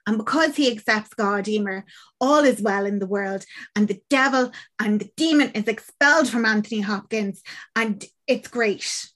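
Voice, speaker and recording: A woman's voice: a little high, moderate pace, fairly bright tone. Chatty woman retelling a story. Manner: chatty, acts out quoted lines, swears casually. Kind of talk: casual chat retelling a film plot.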